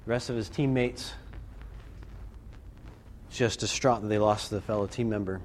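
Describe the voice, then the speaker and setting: A man giving a storytelling talk to a student audience, animated and acting out scenes and voices. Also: on the low side, moderate pace, slight background noise. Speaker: speaker addressing students. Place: live talk to a group.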